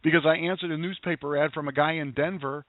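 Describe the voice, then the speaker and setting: A tough, brash woman cousin, put on by a man retelling a story, pushing and indignant, her voice pitched a bit above his own. It comes through a tinny phone line with a flat, dry sound. She is demanding and blunt. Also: fast talker, dry recording, close to an everyday voice.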